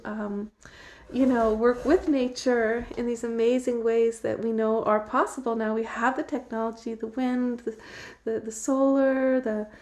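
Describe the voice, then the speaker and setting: A middle-aged woman with a notably high voice hosts her own talk at home. She speaks casually and animatedly, breaking into laughter often and slipping into other people's voices when she quotes them. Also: a little mellow. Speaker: host. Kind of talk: casual direct-to-camera talk. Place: home, emptied out.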